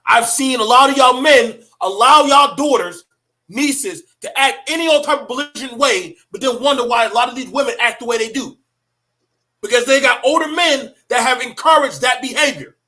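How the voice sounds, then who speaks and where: A man's voice: extremely high pitch, normal speed, pushed and bright. Blunt, profane middle-aged man preaching. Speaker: commentator on parenting. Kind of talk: casual opinion monologue.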